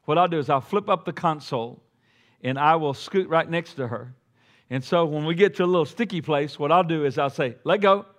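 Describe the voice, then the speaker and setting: A middle-aged man preaching a sermon to a church congregation, talking conversationally and swelling to loud, emphatic peaks, with joking asides. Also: on the high side, a little fast. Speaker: pastor. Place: church sanctuary before a congregation.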